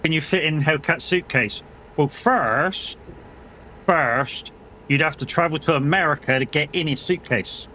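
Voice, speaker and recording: A man's voice: on the high side, unhurried, pushed and bright, a little hiss or hum. A man streaming a game live, chatting casually, swearing freely and bantering with his chat. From United Kingdom.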